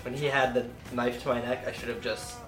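A man's voice: mid-range voice, flat delivery, fairly quick. A man playing in a tabletop game, joking and laughing with the others. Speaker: player. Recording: echoey room with music behind.

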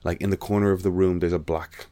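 A man's voice: sits low, steady tone, fast, dark tone, no echo. A man in casual chat, animatedly telling a story and acting out the voices of the people in it. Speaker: podcast guest.

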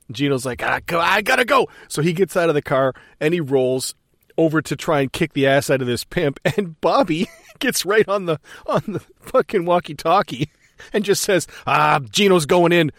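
A man's voice: a little high, moderate pace, dry recording, clean studio sound. A male podcast co-host recounting a film scene in casual chat, laughing often and swearing freely. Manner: laughing storyteller, profane.

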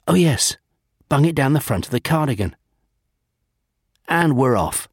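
A man narrating a children's storybook, savouring lists with gentle humour. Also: mid-range voice, expressive, a little slow, slightly rough, no echo, clean studio sound.

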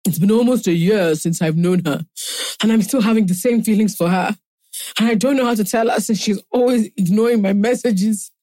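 A woman co-hosts a podcast in relaxed, chatty talk. She tells stories animatedly and laughs often. The sound is dry and close. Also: medium pitch, a little fast, no room sound. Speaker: podcast co-host. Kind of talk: casual chat.

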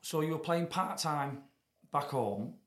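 A man's voice: a little high, animated, unhurried. A man hosting a podcast interview, asking short follow-up questions. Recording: roomy echo.

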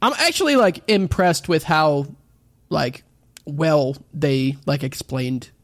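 A man with a fairly high voice recaps episodes for the group. He sounds relaxed and agreeable as he talks. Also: slow. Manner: laid-back, agreeable, recaps plot. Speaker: podcast co-host recapping episodes. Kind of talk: casual group chat about anime.

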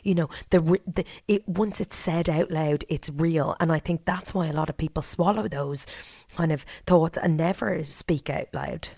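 A woman interviewing a guest, reflective and halting as she thinks aloud. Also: low voice, vocal fry, dark tone, slightly rough, no room sound, clean studio sound. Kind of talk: conversational interview.

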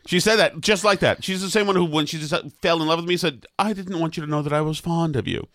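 A middle-aged man spins a rambling, self-deprecating story on a podcast. His voice sits a little high, and he keeps restarting lines and trailing off with "yada yada". The sound is dry and close. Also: a little fast, fairly bright tone, no echo. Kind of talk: casual storytelling chat.

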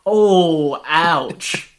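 A man's voice: on the high side, very slow, a little hiss or hum. A young man co-hosting a podcast, chatting casually and joking at his own expense. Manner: wry, joking, self-deprecating. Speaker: podcast co-host. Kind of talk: casual chat.

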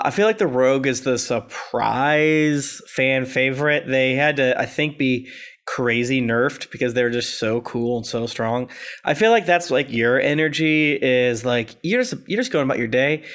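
Relaxed man co-host, mid-pitched voice, loose rambling delivery. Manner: relaxed, rambling, swears casually. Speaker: podcast co-host. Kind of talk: casual chat.

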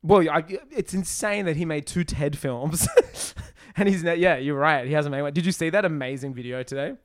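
A man's voice: fairly high pitch, moderate pace, no room sound, studio quality. A man co-hosting a podcast, chatting casually and rambling with lots of fillers and laughs. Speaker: podcast co-host. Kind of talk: casual comedic chat.

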